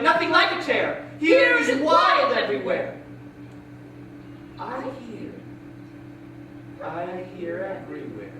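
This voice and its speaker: A woman's voice: fairly high pitch, bright, forceful tone, slight background noise, exaggerated voice. A woman playing a frightened girl lost in wild woods. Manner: anxious, pleading, repetitive stage speech. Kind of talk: stage play performance. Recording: echoey stage audio from a distant mic.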